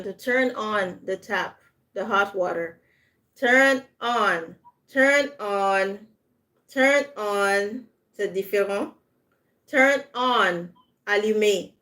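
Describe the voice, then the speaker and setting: A woman's voice: mid-range voice, takes it slowly, fairly bright tone. A woman giving a live online English lesson, patiently modeling word stress and switching into French to explain. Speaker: English tutor.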